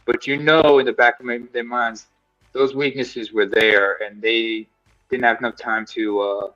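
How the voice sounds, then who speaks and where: Casting: mid-pitched man, rambling fight-talk host, slightly muffled audio, faint music bed. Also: fairly even intonation, unhurried, bright, forceful tone. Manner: rambling, searches for words with many fillers. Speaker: live-stream host. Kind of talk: casual talk about combat sports.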